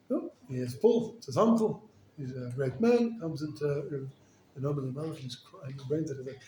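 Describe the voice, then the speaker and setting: A rabbi telling stories in a sermon, animated and casual, full of "like" and "you know.". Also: male voice, medium pitch, moderate pace. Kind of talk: storytelling sermon. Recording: echoey room with faint noise.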